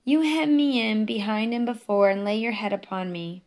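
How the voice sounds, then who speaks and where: A devout man recites scripture slowly and solemnly, as a woman reading her memoir voices him. The delivery is measured and reverent, with little change from the narrator's own voice. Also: medium pitch, a little mellow, natural voice.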